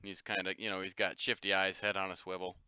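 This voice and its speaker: Man game master, loose halting narration, dull lo-fi audio. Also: sits low, flat delivery, sharp tone, clear, resonant tone, dry recording. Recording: dull, lo-fi dry sound.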